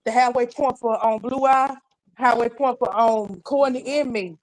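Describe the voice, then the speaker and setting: A woman's voice: on the high side, fairly even intonation, moderate pace, low-quality recording. A woman from North Carolina, chatting casually on a live panel, rambling with repeated restarts and frequent laughter. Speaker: live panel chat guest. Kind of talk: casual chat.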